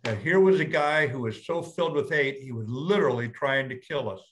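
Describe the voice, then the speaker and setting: Older guy, ex-general, blunt plain storytelling, mid-pitch voice, slows down to hit a point. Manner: plain-spoken, blunt, slowing for emphasis. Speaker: retired general, guest speaker. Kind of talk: storytelling talk to an audience.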